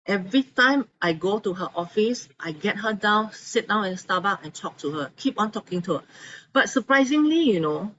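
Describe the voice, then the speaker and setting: A woman tells her story to an audience. Her voice sits low, and the talk is animated as she acts out the quotes. The recording is slightly dull, with faint noise behind. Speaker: speaker giving a testimonial.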